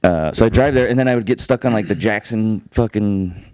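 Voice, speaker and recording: Fast-talking profane New man. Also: fairly low pitch, no echo, studio quality. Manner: rambling, profane storyteller, acts out shouts. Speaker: podcast host. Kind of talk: casual chat.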